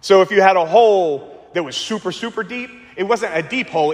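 A man preaching a sermon as pastor, slowing and repeating words for emphasis, with dramatic pauses. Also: high-pitched, long reverb tail.

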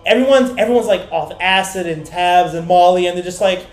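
In casual podcast chatter, a male co-host rambles through a profane story, imitating the people he quotes. He speaks a little fast in a high-pitched voice, hardly pausing, and the sound is roomy.

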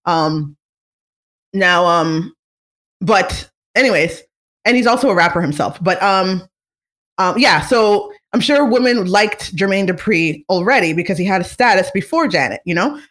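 A podcast host gossiping casually about celebrities, chatty and animated, with lots of fillers and restarts and easy laughter. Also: mid-range voice, unhurried.

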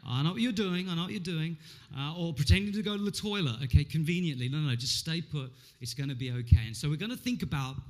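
Animated man preaching a sermon. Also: a little high. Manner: animated, humorous, acts out quotes. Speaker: pastor.

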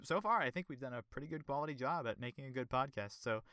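A man's voice: medium pitch, animated, quick pace, sharp tone, no room sound, studio quality. A man co-hosting a podcast, chatting in an upbeat, enthusiastic way and laughing easily. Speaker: podcast co-host. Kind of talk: casual podcast review chat.

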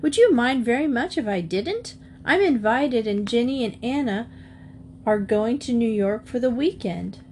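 A woman reading a storybook, voicing a lively schoolgirl who speaks quickly and exclaims. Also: fairly high pitch, slight background noise. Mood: torn. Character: torn, lively schoolgirl Geneva.

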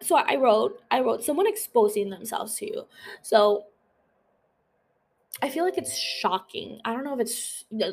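A young woman talks fast and loose on her podcast, dropping swear words and fillers in nearly every sentence. Her voice sits at an ordinary middle pitch. She sounds like she's chatting with a friend. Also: a little mellow. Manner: fast, profane, lots of "like" fillers. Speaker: podcast host. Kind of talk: casual chat.

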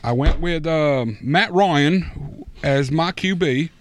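A man's voice: on the high side, slight background noise. A man putting on a clumsy mock-British tipster. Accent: put-on British, loose imitation. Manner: halting, drawn-out delivery with many ums.

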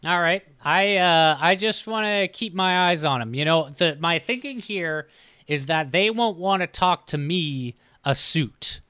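A man's voice: a little high, animated, unhurried, pushed and bright, smooth. A man playing a tabletop game, thinking aloud with hesitant starts. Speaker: player. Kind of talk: casual tabletop game play.

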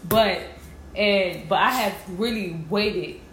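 A woman's voice: medium pitch, slow. A woman in casual conversation, talking emphatically and often repeating her words for stress. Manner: animated, emphatic, repeats herself. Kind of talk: casual chat about zodiac signs. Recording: echoey room with clear background noise.

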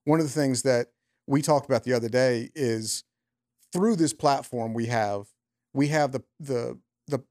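A man's voice: mid-range voice, a little slow, darkish tone. A man speaking earnestly as a guest in a casual conversation.

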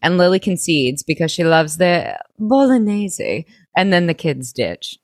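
A woman co-hosting a podcast, recapping a TV episode in casual chat, playful and quick to joke along. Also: lowish voice, sing-song, no room sound, clean studio sound. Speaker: podcast co-host.

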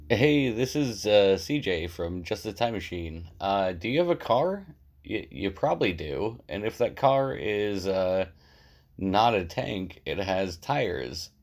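A young man with a low, gravelly voice chats loosely on a podcast. He rambles and jokes, padding his sentences with fillers. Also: expressive, slow pace. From Southern California. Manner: rambling, joking, filler-heavy. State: out of breath. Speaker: podcast co-host. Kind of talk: casual podcast chat and self-read ad.

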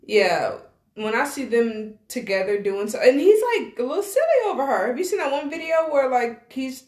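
A woman's voice: on the high side, expressive, normal speed. Giggly young woman in a roomy space. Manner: giggly, gushing, chatty. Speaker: podcast co-host. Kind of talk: casual chat. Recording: roomy echo.

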